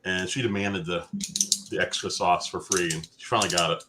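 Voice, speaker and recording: A middle-aged man telling casual stories on a live chat show over a video call, animated and mimicking the people in his anecdotes. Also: low voice, normal speed, noisy background.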